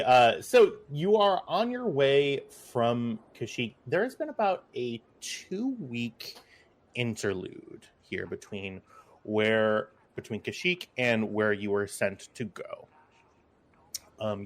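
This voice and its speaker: A man acting as game master for a sci-fi tabletop game with friends, setting the scene in a loose, joking way that trails off into asides. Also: medium pitch.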